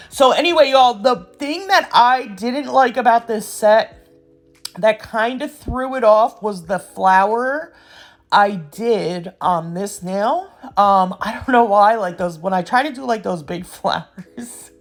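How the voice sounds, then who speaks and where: A woman's voice: a little high, measured pace, faint music behind. A young woman talking casually over her nail art video, rambling and ranting as she tells a story to her viewers. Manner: rambling, ranting storyteller who says "y'all" and "yo". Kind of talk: casual chatty voiceover.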